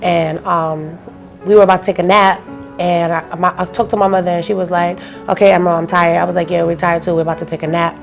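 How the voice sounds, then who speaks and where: A woman's voice: fairly low pitch, little pitch movement, fast talker, creaky, soft background music. A young woman speaking as an interview guest, telling a personal story in a loose, casual way and acting out the phone calls she describes.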